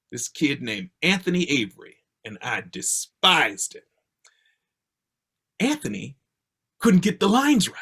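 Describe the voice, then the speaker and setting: An older man from Baltimore telling a personal story with a theatrical, expressive delivery, heard over a video call. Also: husky. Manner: expressive, theatrical delivery with swings in pitch and pace.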